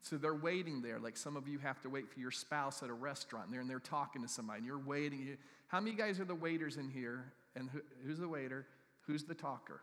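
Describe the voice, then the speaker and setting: A middle-aged man preaching a sermon as a pastor, with animated, humorous storytelling and asides to the congregation. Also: mid-range voice, fast talker. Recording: long hall reverb.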